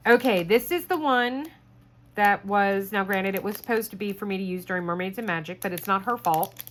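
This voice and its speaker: A woman's voice: mid-range voice, slight background noise. A woman hosting a craft channel, chatting casually while opening gifts, gushing and grateful, close to tears. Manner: gushing, grateful, slow and tearful at times. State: tearful, trying not to cry. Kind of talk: casual unboxing chat.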